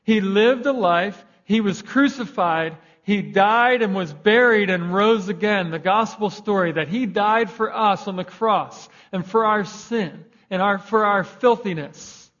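A man's voice: high-pitched, a little slow, few pauses, fairly bright tone. A young man preaching a sermon in a conversational way, raising his voice for emphasis. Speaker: pastor. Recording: dull lo-fi recording.

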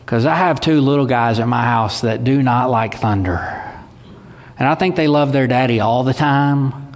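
A man's voice: mid-range voice, normal speed. A man, preaching a sermon in a conversational, folksy way. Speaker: pastor. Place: church sanctuary. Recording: long hall reverb.

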